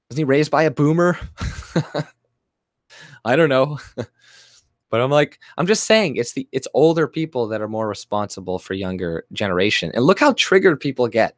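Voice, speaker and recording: Man ranting, profane and rambling, middle pitch, dry close sound. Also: animated, normal speed, long pauses, no room sound. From Canada. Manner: angry, rambling, sweary, many fillers and restarts. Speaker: vlogger.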